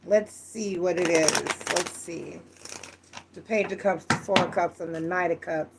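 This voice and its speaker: A woman's voice: on the low side, fairly even intonation, unhurried, very noisy. A woman giving a casual, frank tarot reading, chatty and full of restarts. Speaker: tarot reader.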